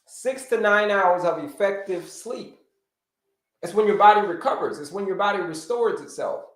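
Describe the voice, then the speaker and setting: A man coaching viewers through a livestream health lesson, with a voice pitched well above most men's. He drives his points home by repeating them and calls out viewers by name. The sound carries a roomy echo. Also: normal speed. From United States. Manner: animated teacher, repeats key points, greets viewers by name. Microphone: livestream setup.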